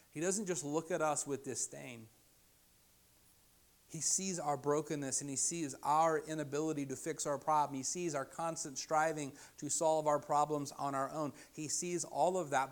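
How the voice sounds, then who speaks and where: A middle-aged man, a pastor, preaching a sermon, dropping to a hushed softness for quoted invitations and rising loud at his most emphatic points. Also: a little high.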